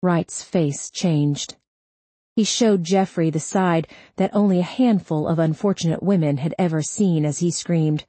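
A woman narrating a crime novel audiobook in a slow, measured, steady delivery. Her voice sits on the low side, and the recording is close and dry, with no room sound. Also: no room sound.

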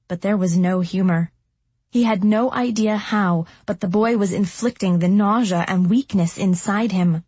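A woman narrating a dark fantasy audiobook in a steady, dramatic storytelling manner. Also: medium pitch, breathy edge, dry recording. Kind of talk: scripted narration.

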